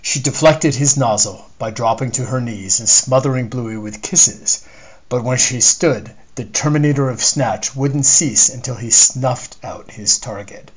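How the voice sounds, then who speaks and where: A man, the author, reading a chapter of his novel aloud in measured storytelling narration. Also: mid-range voice, slightly rough, poor audio. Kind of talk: scripted narration.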